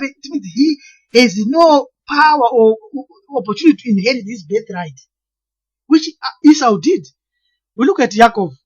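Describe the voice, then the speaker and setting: Woman w/ a background, husky and a bit high, explaining slowly, keeps restarting words. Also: highs cut off. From Zimbabwe. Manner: earnest, deliberate, often stalls and restarts words. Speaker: lecturer on name meanings. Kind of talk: explanatory monologue.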